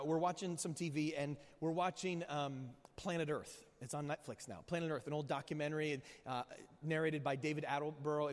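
A male pastor delivers a sermon with animated storytelling, peppering it with rhetorical questions and quick asides. His voice sits high for a man, and it rings out with a long reverb in a church hall.

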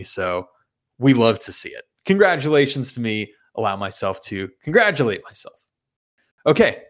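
A man's voice: medium pitch, fairly bright tone. A man recapping his poker hands in a casual, profane and self-mocking way. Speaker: poker player.

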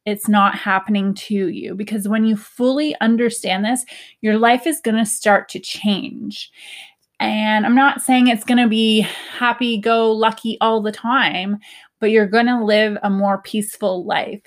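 A woman's voice: mid-range voice, fairly even intonation, a little slow. A young woman talking to her viewers in a casual, earnest way about healing, often laughing and quoting herself. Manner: earnest, chatty, laughs often, quoted asides. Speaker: spiritual self-help vlogger. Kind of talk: casual personal talk to camera.

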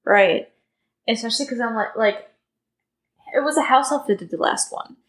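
A woman's voice: on the high side, moderate pace, rough recording. Chatty young woman podcast co-host. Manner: chatty, full of filler words. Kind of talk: casual book discussion.

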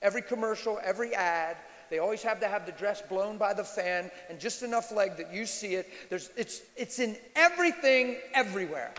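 A man preaching a sermon as a pastor, moving from hushed storytelling to shouted, animated exhortation. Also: sits high, fairly quick, few pauses. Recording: long hall reverb.

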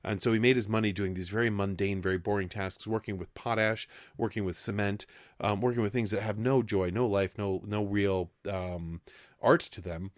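A man's voice: on the low side, steady tone, moderate pace, no echo, studio quality. A man co-hosting a casual wine podcast, talking in long rambling runs with restarts. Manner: rambling, many restarts and fillers. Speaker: podcast co-host.

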